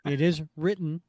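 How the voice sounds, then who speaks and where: A man in his fifties co-hosts a podcast, chatting casually and reading comic panels aloud while rambling and correcting himself. His voice is high and a little mellow, with slight background noise.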